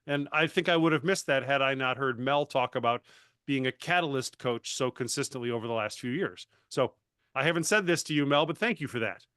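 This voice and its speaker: A man and coach talking casually on a panel, animated and self-deprecating, often restarting his sentences. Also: medium pitch, a little fast, clean tone, dry recording, studio quality. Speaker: master certified coach.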